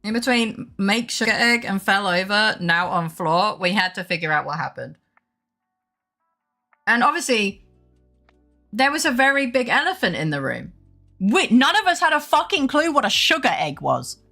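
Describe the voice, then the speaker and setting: Woman streamer, bright tone, rambling storyteller, faint music underneath. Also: medium pitch, normal speed. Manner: rambling animated storytelling, laughing. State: unwell with brain fog. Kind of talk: casual chat with live chat.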